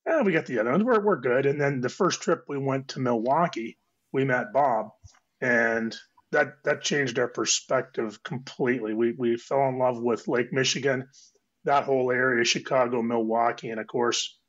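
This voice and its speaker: A man with a cold, hoarse and chatting casually as a guest on a diving round table, rambling and restarting his phrases. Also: mid-range voice, fairly even intonation, moderate pace, fairly bright tone. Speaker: guest technical diver. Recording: dull lo-fi audio.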